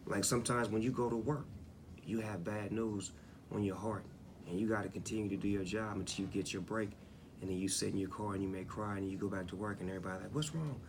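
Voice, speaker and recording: A man's voice: on the low side, little pitch movement, fast, background noise. A man in his forties talking candidly in an interview, laid-back and reflective, often checking in with "you know what I'm saying". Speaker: interviewed rapper.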